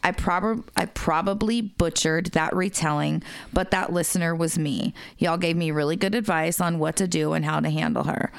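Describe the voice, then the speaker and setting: A woman's voice: on the low side, normal speed, vocal fry, hardly any pauses, clear, resonant tone, no echo. A woman co-hosting a podcast, reading listener messages aloud in a casual, swearing, laughing manner.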